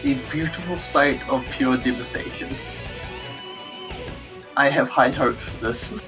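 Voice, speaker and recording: A man's voice: mid-range voice, a little slow, music in the background. A man giving live esports commentary who tells stories in a wry, dramatic way. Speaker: esports caster.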